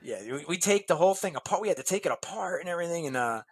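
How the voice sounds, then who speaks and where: Animated man telling a story, dry. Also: on the high side, racing, slightly rough, no room sound. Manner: animated, acts out quoted voices; chuckles through the story. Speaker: guest. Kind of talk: casual storytelling anecdote.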